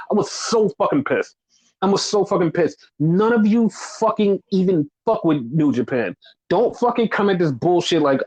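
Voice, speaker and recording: A man's voice: high voice, animated, normal speed. A man hosting a casual podcast, ranting angrily with constant swearing and mocking sarcasm. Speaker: podcast host. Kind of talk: casual chat. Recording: dull lo-fi audio.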